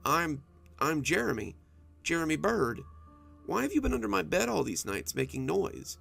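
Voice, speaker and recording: A nervous little boy from a bedtime story, as a man puts him on, stammering but trying to sound brave. His voice is pushed up high and moves a lot, with a gravelly edge underneath. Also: huge pitch swings, measured pace, soft background music, heavily acted. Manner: hesitant, stammering.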